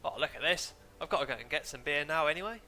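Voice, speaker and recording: A young man rambles through a casual game stream in a droning, self-mocking way. His voice sits a touch high and sounds bright and forward, with a sniffle from hay fever. It is picked up on a desk mic at home. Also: expressive, quick pace. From England. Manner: rambling, chatty, self-deprecating. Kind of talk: casual gaming stream commentary. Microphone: desk mic, muted now and then.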